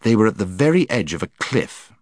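A man narrating a children's storybook in a low, deep voice. His telling is measured and expressive, and the recording is dry and close with no room sound. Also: no echo. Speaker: audiobook narrator. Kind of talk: scripted narration.

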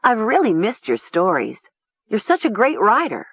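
A woman's voice: medium pitch, wildly swooping pitch, moderate pace, husky, dry recording, muffled recording, pitched above the performer's own voice, exaggerated voice. A woman voicing an eager, friendly teenage girl who sounds encouraging. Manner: encouraging, pleading.

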